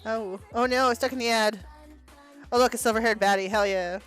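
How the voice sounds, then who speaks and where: A woman's voice: a little high, steady tone, brisk, a bit bright, faint music behind. A woman in her thirties hosting a livestream, chatting casually with viewers, laughing often and swearing freely as she reacts to chat. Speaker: livestream host.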